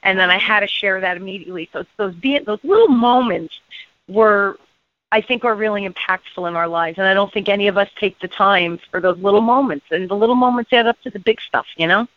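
A woman's voice: mid-range voice, fairly quick, no echo. A woman hosting a radio interview, an enthusiastic, upbeat storyteller who chats casually with her guest. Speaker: radio show host. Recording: tinny phone-like line, dry.

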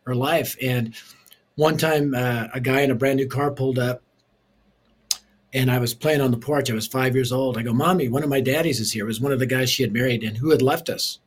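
Husky-voiced man, guest storyteller, mid-pitched, animated delivery. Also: brisk. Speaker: ministry leader and author. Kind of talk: storytelling interview.

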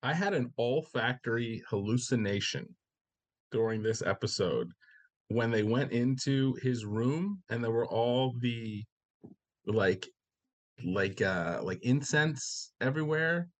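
A man co-hosting a casual podcast chat about a TV episode, animated and swearing freely, acting out the characters' reactions. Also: mid-range voice, slow. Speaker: podcast co-host.

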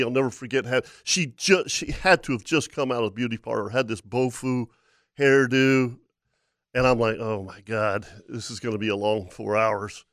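A man's voice: medium pitch, dry recording, clean studio sound. A man, a charter fishing captain, telling a story in casual talk-show chat. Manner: animated storyteller who laughs as he talks.

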